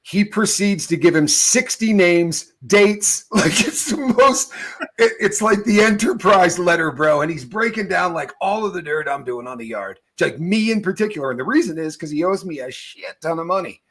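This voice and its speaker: A middle-aged man who tells stories with lively energy and laughs through his sentences. His voice sits fairly high for a man, and he talks in loose slang as a show host. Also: moderate pace. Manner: animated storyteller, laughs mid-sentence, slangy. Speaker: podcast host. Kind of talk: casual storytelling chat.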